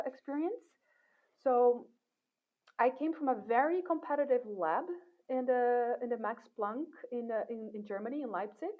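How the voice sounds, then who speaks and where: A woman academic being interviewed, talking in a thoughtful, relaxed way with many fillers and restarts. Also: a little high. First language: not English. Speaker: assistant professor, guest. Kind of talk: casual interview talk. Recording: tinny phone-like line.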